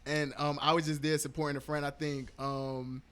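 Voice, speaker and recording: A man talks through a casual conversation, relaxed and slangy. His voice sits a little higher than usual for a man. He laughs easily. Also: moderate pace, clear, resonant tone. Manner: laid-back, laughs easily, loose slang. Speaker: podcaster and YouTuber guest.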